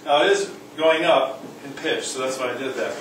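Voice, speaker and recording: A man's voice: mid-range voice, normal speed, fairly bright tone, recorded from a distance, slight background noise. A man teaching a music class, joking with students and coaxing them to sing rhythms. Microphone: far from the mic. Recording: echoey room recorded from afar.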